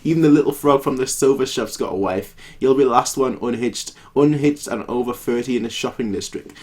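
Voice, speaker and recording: A man's voice: mid-range voice, fairly quick, darkish tone, slight background noise, lightly acted. A man voicing a pushy, meddling old woman matchmaker while reading manga dialogue aloud, talking in a bossy, nagging way. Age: older.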